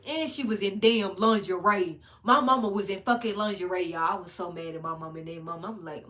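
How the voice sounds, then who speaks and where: A vlogger rants in casual commentary, speaking a little fast in a mid-range voice with hardly any pauses. Blunt and profane, she tells animated stories and laughs between her points.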